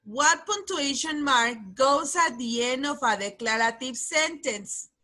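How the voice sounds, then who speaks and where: High, bright woman teacher on a video call. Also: measured pace. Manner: encouraging, calls on pupils by name. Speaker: English teacher. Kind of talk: online class quiz game.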